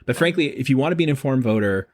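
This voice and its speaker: A middle-aged man, a professor being interviewed, explaining in a quick, animated way with frequent restarts. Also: medium pitch. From Boston. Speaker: guest professor. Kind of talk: casual interview talk.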